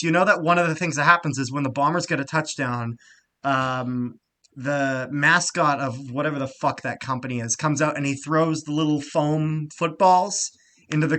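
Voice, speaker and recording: A man co-hosting a casual sports podcast, talking with lots of fillers, getting loud and excited and swearing freely. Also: fairly high pitch. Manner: frequent fillers and restarts. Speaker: podcast co-host.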